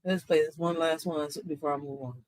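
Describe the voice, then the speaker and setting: A woman's voice: deep voice, steady tone, a little fast, a little mellow, no echo, poor audio. A woman hosting a reaction video who comments in a blunt, exasperated way and swears. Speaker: reaction channel host. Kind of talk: casual commentary.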